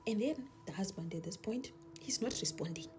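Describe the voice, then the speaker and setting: A woman's voice: mid-range voice, lively intonation, normal speed, darkish tone, slight background noise. A young woman with a Zimbabwean accent telling a story in a casual chat, mixing Shona with English and dropping to a whisper for suspense.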